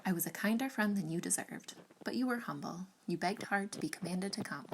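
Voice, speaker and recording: A woman's voice: lowish voice, brisk, background noise, close to an everyday voice. A woman reading aloud, voicing a witty young lady who banters archly. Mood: bantering. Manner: arch and bantering.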